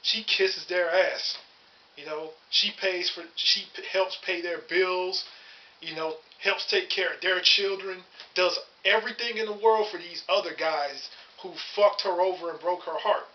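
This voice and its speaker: A man's voice: high voice, a little slow. A man in his thirties telling his story to camera in a blunt, profane, angry rant. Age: 30s. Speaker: vlogger. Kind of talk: angry personal monologue to camera. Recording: dull lo-fi audio.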